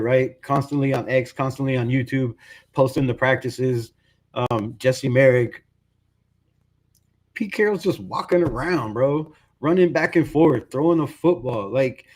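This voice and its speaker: Speaking in a mid-range, darkish voice, a fan-channel host vents about sports. He sounds frustrated but conversational, leaning heavily on "bro" and "right?"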